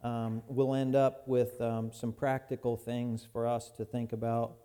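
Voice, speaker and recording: A man's voice: medium pitch, little pitch movement, a little slow, dark tone, clear, resonant tone. A man preaching a sermon as pastor in a church, folksy and conversational, often restarting his phrases.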